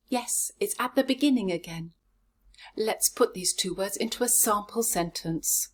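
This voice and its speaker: A woman teaching pronunciation, sounding words out slowly and deliberately, syllable by syllable. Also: medium pitch, expressive, slightly rough. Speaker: pronunciation coach. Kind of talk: pronunciation lesson.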